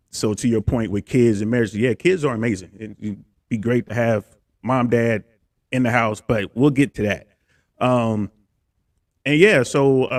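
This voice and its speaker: A man in his fifties from Ohio, a guest comedian telling his story in a relaxed, rambling way. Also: mid-range voice, no echo, clean studio sound. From Cincinnati, Ohio, USA. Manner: relaxed, rambling, with fillers and restarts. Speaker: guest, stand-up comedian and content creator. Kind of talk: casual interview storytelling.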